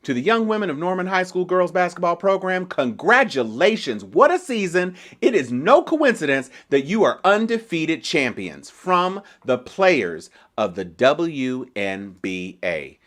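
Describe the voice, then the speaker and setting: A man's voice: fairly high pitch, big pitch swings, unhurried, few pauses, a bit bright. A man hosting a panel talk show, speaking with emphatic, preacher-like cadence. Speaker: host.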